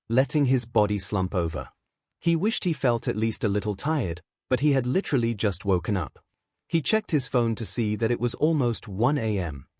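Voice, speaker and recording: Animated male fan fiction narrator. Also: medium pitch, dry recording, clean studio sound. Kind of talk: reading fan fiction aloud.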